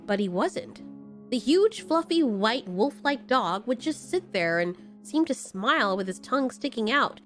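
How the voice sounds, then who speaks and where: Female narrator for a scripted horror tale; slightly high pitch, deliberate pauses, light music bed. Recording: faint background music.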